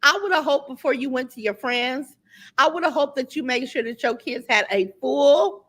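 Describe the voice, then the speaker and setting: A woman's voice: high voice, normal speed, fairly bright tone. A middle-aged woman hosting a casual livestream, talking bluntly and reading out viewer comments as she goes. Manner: blunt, chatty, reads viewer comments aloud. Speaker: livestream host.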